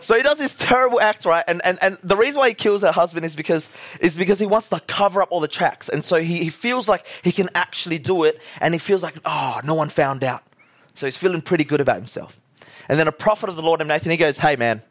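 A man's voice: high-pitched, fast, a bit bright, no room sound, clean studio sound. A young man preaching a sermon as casual storytelling, acting out quotes as he goes.

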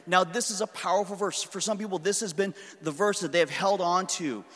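A man's voice: high-pitched, steady tone, fairly quick, a bit bright. A man in his thirties preaching a sermon, telling a story about his daughters in an earnest, conversational way. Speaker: pastor. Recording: reverberant hall.

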